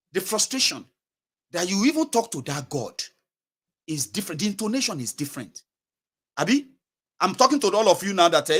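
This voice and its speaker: Animated Nigerian man commentating. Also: a little high. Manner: animated, acts out mocking prayers in Nigerian Pidgin. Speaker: political commentator. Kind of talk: casual political commentary.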